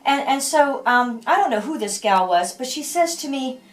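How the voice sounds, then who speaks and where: A woman's voice: high voice, expressive, normal speed. Older woman telling a rambling story. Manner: rambling, many fillers and restarts, acts out quoted voices. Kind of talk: casual personal storytelling. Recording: voice from far off the mic.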